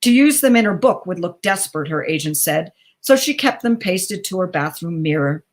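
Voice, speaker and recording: A woman reading a short story aloud in a measured, even narrating voice for a theatre's live-stream reading. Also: fairly low pitch. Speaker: reader. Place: local theatre livestream.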